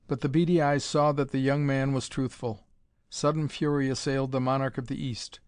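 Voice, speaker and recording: A man's voice: mid-range voice, fairly even intonation, moderate pace, no echo. A man narrating a dramatic pulp adventure story, reading it aloud in a dry recording.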